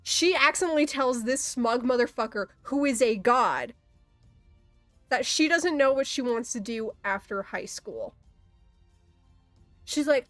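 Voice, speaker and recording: A woman's voice: high voice, expressive, normal speed, a bit bright, dry recording, soft background music. A young woman chatting casually while drawing, telling a story with lots of swearing and frequent laughter. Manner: profane, laughing often, storytelling. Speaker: artist streamer.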